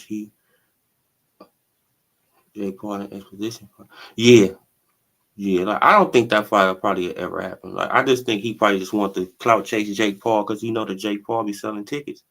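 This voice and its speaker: A man's voice: lowish voice, steady tone, normal speed, creaky, long pauses, fairly bright tone. A man hosting a casual boxing commentary stream, talking animatedly in slang, laughing often and tossing in "right?" and "bro". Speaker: boxing commentary channel host.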